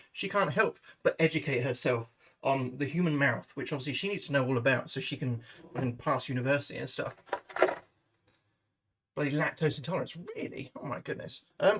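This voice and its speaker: With a little hiss or hum in the audio, a British man speaks to his livestream audience from his home kitchen in easygoing cooking chat full of swearing. His voice sits a little high with a fairly bright tone.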